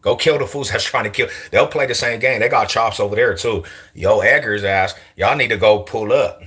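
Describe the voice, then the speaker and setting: Husky-voiced Denver man, slangy and tense. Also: lowish voice, normal speed, fairly bright tone. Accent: East Side Denver street accent. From East Side Denver, Colorado. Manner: slangy, repetitive, laughs a lot between remarks. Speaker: YouTuber. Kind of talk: casual livestream chat answering comments.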